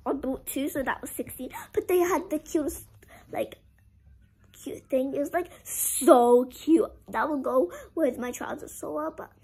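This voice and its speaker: A woman's voice: high voice, measured pace, mellow, poor audio. A young girl doing a casual clothing-haul vlog, chatty and full of "like", making a drama of her disappointment. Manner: chatty, heavy use of "like", dramatic about being sad. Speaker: vlogger.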